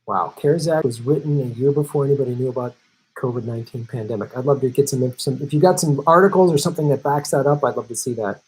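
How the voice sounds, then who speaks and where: A man's voice: medium pitch, fast talker, a little mellow, breathy edge, rough recording. A middle-aged man hosting a political live stream, reading viewer chats in a blunt, sarcastic, profane way. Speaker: political show host.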